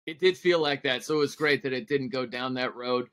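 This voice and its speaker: A man's voice: mid-range voice, fairly quick, a bit bright, clean tone. A man talking sports on a radio show with wry, dry humor in casual banter. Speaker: radio co-host guest. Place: radio studio.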